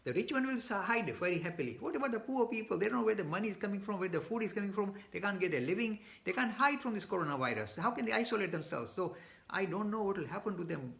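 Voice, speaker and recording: A man's voice: high-pitched, gravelly, a bit bright. A man answering audience questions in a live online talk, speaking emphatically with frequent restarts and repeated words. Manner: gets worked up.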